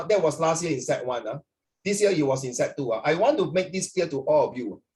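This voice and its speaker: A man teaching an online class as a tutor, talking in a rambling, animated way full of fillers, heard over a video call. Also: on the high side.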